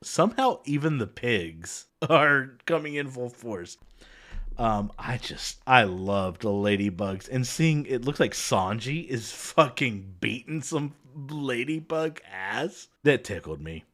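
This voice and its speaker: A man's voice: medium pitch, animated, slow pace, fairly bright tone. A man hosting a podcast, chatting casually and joking with plenty of swearing. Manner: laid-back, jokey and profane. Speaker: podcast host. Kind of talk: casual chat.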